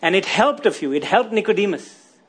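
A man's voice: high-pitched, animated, moderate pace, breathy edge. A man preaching a sermon, often asking his listeners rhetorical questions and tagging lines with "isn't it?".

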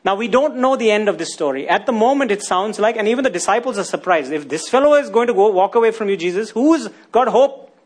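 A man's voice: high-pitched, expressive, fast. A man preaching a sermon, often asking his listeners rhetorical questions and tagging lines with "isn't it?".

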